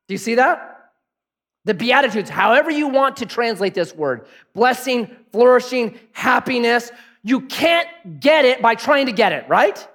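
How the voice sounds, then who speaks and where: A pastor delivering a sermon in a conversational, animated way, often asking the congregation questions. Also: male voice, very high voice.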